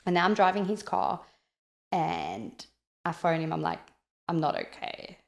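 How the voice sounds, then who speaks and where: A South African woman telling a personal story in an animated, chatty way, with many "like" fillers, as a podcast guest. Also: lowish voice, unhurried, vocal fry, roomy sound.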